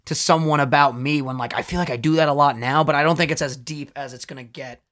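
A man's voice: a little high, steady tone, fast talker, a bit bright. A man in his twenties co-hosting a podcast, chatting loosely with jokes and swearing. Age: 20s. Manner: loose, swearing, jokey banter. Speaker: podcast co-host. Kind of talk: casual podcast chat.

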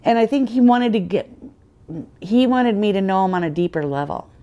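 A woman's voice: medium pitch, expressive, moderate pace, mellow. A woman guest on a podcast, earnestly telling her personal faith story in conversation and acting out the dialogue she quotes.

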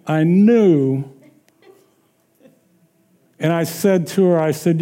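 Slow, mellow-voiced preacher man. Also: a little high. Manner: slow, drawn-out preaching with call-and-response questions; chuckles through casual anecdotes. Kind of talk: sermon with personal stories.

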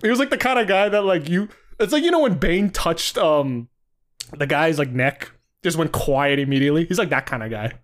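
A man's voice: a little high, lively intonation, a little fast. A man co-hosting a podcast in casual chat, rambling with many fillers and frequent laughter. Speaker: podcast co-host.

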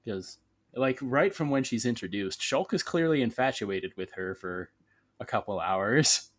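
A man's voice: medium pitch, lively intonation, measured pace, dry recording. A man co-hosting a casual video game podcast, laid-back with dry, understated remarks. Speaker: podcast co-host. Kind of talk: casual spoiler chat.

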